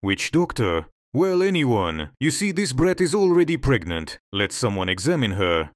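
A man's voice: mid-range voice, big pitch swings, normal speed, dry recording, lightly acted. Man as a hysterical, abusive mother in an audio story, dry read. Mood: harsh. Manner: shouting, scolding. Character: hysterical harsh mother, shrill temper.

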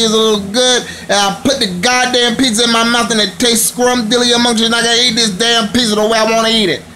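A man's voice: high voice, pushed and bright, slight background noise, rough recording. A young man doing an exaggerated, profane comic rant to camera from his bed. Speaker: comedy vlogger. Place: bedroom.

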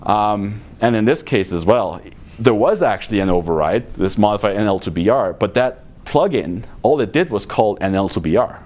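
In a conference room, a man gives a technical talk in a blunt, exasperated manner, dropping sarcastic asides. His voice is fairly low, a little mellow, and expressive, at a moderate pace.

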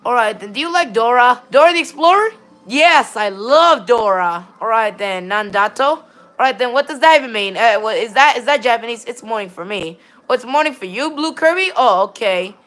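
A woman's voice: on the high side, lively intonation, a little fast, fairly bright tone, faint music behind. A woman chatting casually with viewers while streaming a game, often stammering, restarting and saying "all right, then". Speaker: gaming livestreamer. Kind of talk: casual livestream chat with viewers.

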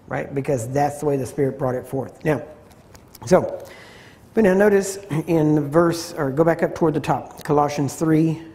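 Mellow-voiced man teaching scripture. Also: on the high side. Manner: conversational, repeats phrases for emphasis, clears throat often. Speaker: Bible teacher.

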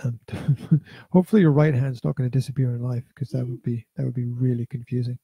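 A man's voice: mid-range voice, steady tone, fast, vocal fry, mellow, breathy edge, no echo, muffled recording. A middle-aged father chatting casually as a podcast co-host, rambling and repeating his words with hesitant fillers. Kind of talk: casual chat reviewing a VR game.

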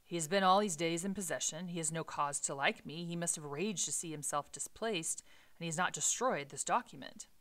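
A woman voicing a solemn, cautious middle-aged male lawyer in a read-aloud novel, with earnest, measured delivery. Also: deep voice, a bit bright. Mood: grave, urgent.

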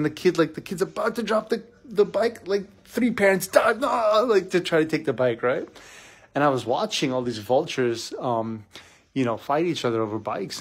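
A middle-aged man, a business coach, talking in a casual live vlog, energetic and preachy, repeating himself and calling the listener "dude". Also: on the high side, husky.

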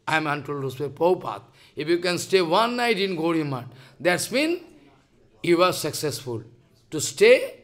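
A man's voice: on the high side, fairly bright tone. An older man with a Bengali accent gives a devotional lecture in broken English, emphatic and repeating his phrases. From India. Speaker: spiritual teacher.

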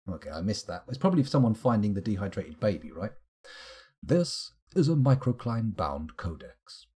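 A British man streaming a game live, reading in-game text aloud slowly and adding dry, sarcastic asides. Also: medium pitch, mellow, husky. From United Kingdom.

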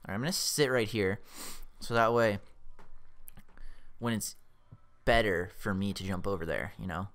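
Speaking at a moderate pace in a lowish voice, this young gamer records a let's play. His commentary is casual and excitable, full of swearing and jokes at the expense of his own skill.

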